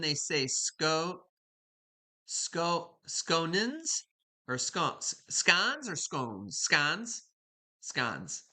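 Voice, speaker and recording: A woman with a very deep, sharp-toned voice hosts a live stream from her home kitchen. She chats casually with viewers and greets them by name.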